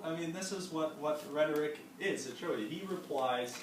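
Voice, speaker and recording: A man's voice: on the high side, moderate pace. Young man presenting in an echoey room. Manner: loose and conversational, with many fillers and restarts. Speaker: discussion leader presenting to a study group. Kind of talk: casual classroom presentation. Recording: echoey room, distant mic, background noise.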